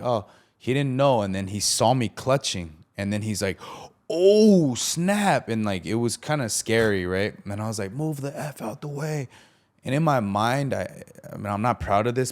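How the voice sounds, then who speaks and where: A young man hosting a podcast, telling a personal story in a casual, slangy way and acting out what others said. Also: on the low side. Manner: animated, acts out the quoted lines of others; casual, slangy, many fillers. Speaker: podcast host.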